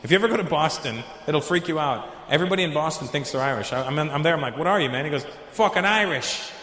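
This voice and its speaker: A man's voice: a little high, very fast, fairly bright tone, reverberant, in a large hall, slight background noise. A man doing a stand-up routine, brash and profane in his storytelling. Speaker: stand-up comedian.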